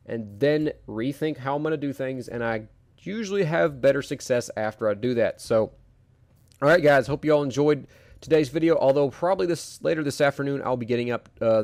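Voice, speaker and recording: A man's voice: medium pitch, a little mellow, no room sound. A young man giving loose, rambling commentary over his gameplay, with frequent restarts and fillers, as a gaming video creator.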